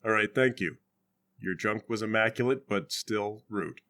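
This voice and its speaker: A man playing a tabletop game, excitable and jokey. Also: lowish voice, measured pace. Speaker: player. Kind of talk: casual tabletop play.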